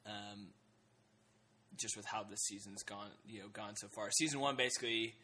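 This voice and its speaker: Guy chatting about tv on a podcast, bright low-ish voice, lots of ums, faint room hum. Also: steady tone, normal speed. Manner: hesitant, many ums and restarts. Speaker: podcast co-host. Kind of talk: casual TV discussion.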